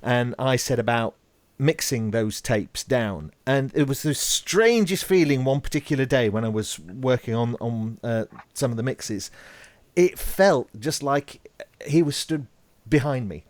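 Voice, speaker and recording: A man's voice: mid-range voice, animated, a little slow, no echo. A man hosting a podcast, talking casually and hesitantly, with many ums and uhs. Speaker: podcast host. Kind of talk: casual chat.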